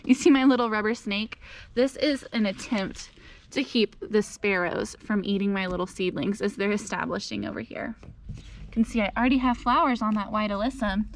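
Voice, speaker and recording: A woman's voice: mid-range voice, moderate pace, a little hiss or hum. A woman giving a casual garden vlog outdoors, chatty and explaining as she goes. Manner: chatty, explains as she shows, talks to her dog. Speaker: gardening vlogger.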